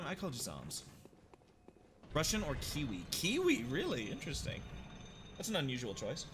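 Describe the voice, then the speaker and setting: Animated young American man streaming a game. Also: medium pitch, noisy background. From United States. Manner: jokey, animated, reads chat aloud, bursts into shouts at the game. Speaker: livestreamer. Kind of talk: casual gameplay chat with viewers.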